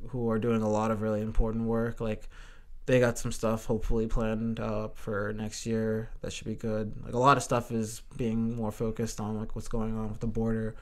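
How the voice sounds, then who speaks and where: A man speaking as a podcast guest, talking in a loose, animated way, full of "like" and casual swearing. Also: lowish voice. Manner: animated, heavy use of "like", swears freely. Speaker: guest, Air Force veteran.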